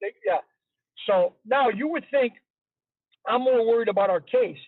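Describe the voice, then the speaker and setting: A man's voice: extremely high pitch, moderate pace, dry recording. A man as an interview guest, telling a story in a chatty, casual way and repeating himself for emphasis. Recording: tinny phone-line sound, dry.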